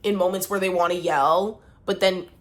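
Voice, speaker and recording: A woman's voice: lowish voice, steady tone, normal speed. A woman vlogger talking casually to her viewers, emphatic and exasperated as she vents. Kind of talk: casual talk to camera.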